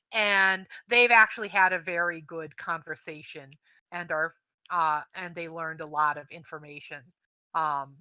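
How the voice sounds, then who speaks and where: A woman runs a tabletop game, narrating slowly with many pauses and fillers. Her voice is very bright and crisp. It is recorded close and dry, with no room sound. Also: lowish voice, no echo, poor audio. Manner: slow, halting narration with fillers. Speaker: game master.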